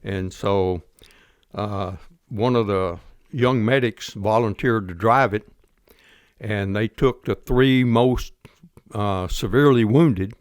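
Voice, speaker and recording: A man's voice: on the low side, takes it slowly, clear, resonant tone, no room sound, clean studio sound. An older man telling his war story in a folksy, plainspoken interview manner. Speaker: guest veteran.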